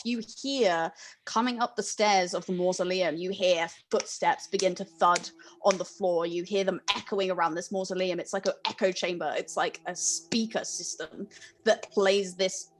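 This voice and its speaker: A woman's voice: mid-range voice, a little hiss or hum. A young adult woman narrating a tabletop horror game as game master, vivid and descriptive, with frequent ums.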